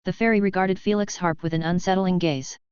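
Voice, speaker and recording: A woman narrating a fantasy audiobook in an even, steady reading. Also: on the low side, brisk, clear, resonant tone, no echo, muffled recording. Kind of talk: scripted narration.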